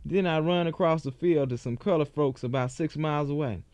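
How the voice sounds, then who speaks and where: Male reader, slightly high voice, folksy dialect storytelling, very dry close sound. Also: a little fast, a little mellow, no room sound. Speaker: reader of a former slave's account. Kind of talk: dramatic first-person reading.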